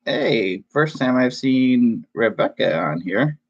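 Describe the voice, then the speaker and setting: Slow-talking excitable man streaming from home. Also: mid-range voice, vocal fry, slightly rough, lo-fi sound. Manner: excitable, chatty, laughs often. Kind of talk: casual live-stream chat. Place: home room.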